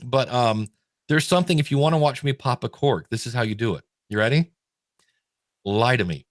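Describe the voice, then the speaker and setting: Middle-aged male podcast host, casual animated storyteller, dry close mic. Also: medium pitch, a little fast, no echo. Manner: animated, stumbling restarts when excited.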